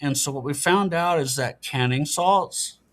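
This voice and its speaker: A man's voice: on the high side, measured pace, fairly bright tone. A middle-aged man, a podcast guest, talking casually and explaining things in an earnest, matter-of-fact way. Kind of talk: casual interview talk.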